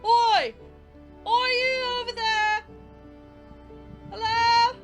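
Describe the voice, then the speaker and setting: A woman voicing a pair of frozen, stumbling travelers who shout high and strained and speak hesitantly. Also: slow pace, faint music behind. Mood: hailing.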